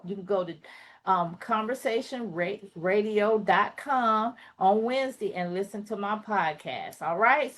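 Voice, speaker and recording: Woman, Southern US accent, talk show host, chatty, affectionate, mid-pitched voice, video call. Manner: chatty, affectionate, jokes with the guest. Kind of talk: lively casual talk show hosting.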